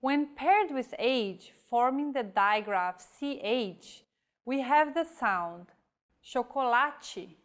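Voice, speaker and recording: Slow, careful woman teaching. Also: high voice, animated. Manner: slow, careful, demonstrates Portuguese words. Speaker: language teacher. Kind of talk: scripted lesson narration.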